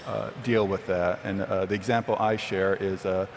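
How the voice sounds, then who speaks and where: A man from New Jersey moderates a conference panel with a low, steady voice. He talks in a measured way, sprinkling "uh" between his thoughts. The sound carries a long hall reverb and a faint hiss. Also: vocal fry. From New Jersey, USA. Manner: measured, many "uh" fillers.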